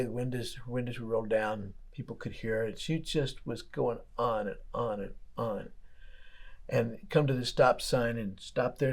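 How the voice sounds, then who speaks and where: A man's voice: mid-range voice, darkish tone. A man, a church pastor, giving a daily devotional sermon in a folksy storytelling way, asking his listeners plain questions.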